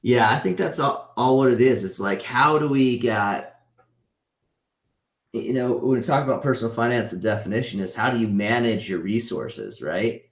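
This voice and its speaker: A man's voice: medium pitch, normal speed. A man in his thirties teaching a casual online class over a video call, talking conversationally and tagging his points with "right?". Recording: roomy echo.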